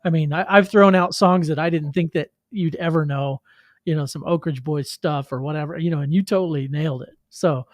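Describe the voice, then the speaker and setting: A man's voice: a little high, fairly quick, no echo, studio quality. A man hosting a casual interview, reacting with enthusiasm and often saying "man". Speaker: podcast host.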